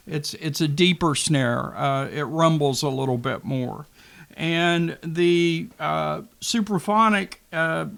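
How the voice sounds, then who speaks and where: A man with a gravelly, slightly raised voice talks through a gear comparison. He speaks casually and haltingly, with many ums and repeated words as he weighs his thoughts. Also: on the high side, fairly bright tone. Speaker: drum reviewer. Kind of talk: casual gear review talk.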